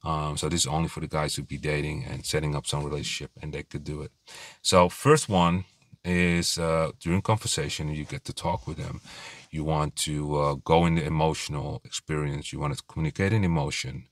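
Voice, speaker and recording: A man's voice: very deep voice, flat delivery, fairly quick, no room sound. A man giving dating advice in a blunt, rambling casual monologue, swearing freely and acting out little bits of dialogue.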